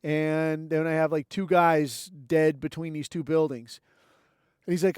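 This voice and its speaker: Podcast host, male, high-pitched, wry and foul-mouthed storyteller, dry close sound. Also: fairly even intonation, unhurried, a little mellow, clear, resonant tone, no room sound. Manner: profane, rambling, wry. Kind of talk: casual storytelling monologue.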